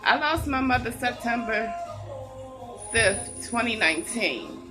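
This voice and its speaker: A middle-aged woman telling a heartfelt personal story in an earnest, deliberate way. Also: on the high side, expressive, over music, low-quality recording. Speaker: vlogger. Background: a song playing softly.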